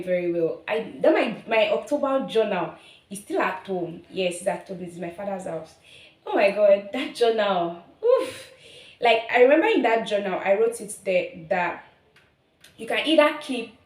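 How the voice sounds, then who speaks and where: Woman, twenties, Nigerian accent, heartfelt testimony vlog, repeats herself, medium pitch, reverberant room. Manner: earnest and emotional, repeats herself, laughs often. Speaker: vlogger. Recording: roomy echo.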